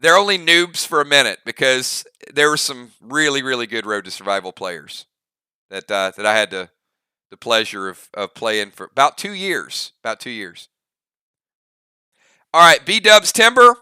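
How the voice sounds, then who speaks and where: A man running a live online role-playing game, calling out moves and damage in an upbeat, drawn-out play-by-play. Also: on the high side, lively intonation, pushed and bright, clean tone, no room sound, studio quality. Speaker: game master. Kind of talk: live game narration and commentary.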